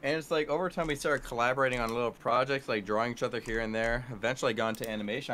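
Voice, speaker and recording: A man's voice: medium pitch, steady tone, racing, hardly any pauses, a bit bright, a little hiss or hum. A young man, a student guest on a casual live-stream chat, talking in a cheerful, chatty way. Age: young adult. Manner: cheerful, chatty, mimics voices in stories.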